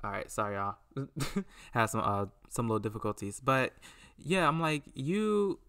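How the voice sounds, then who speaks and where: Male podcast host, middle pitch with a sharp, bright tone; loose, rambling, lively storyteller. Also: measured pace, creaky, smooth. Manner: rambling, animated, acts out quotes. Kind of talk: casual solo commentary.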